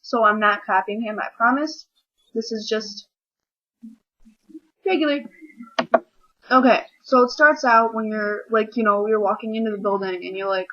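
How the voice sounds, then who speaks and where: A teenage girl ranting casually to camera, rambling and acting out little scenes in quick voices. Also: on the high side, a bit bright, lo-fi sound. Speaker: vlogger. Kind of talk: casual comedic rant to camera.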